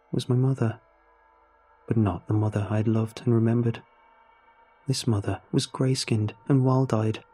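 Husky-voiced man narrating a horror story. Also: medium pitch. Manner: steady measured first-person telling.

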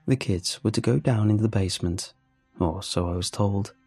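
A man narrating a first-person horror story in a measured, storytelling manner. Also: on the low side, dark tone, breathy edge, no room sound, faint music behind.

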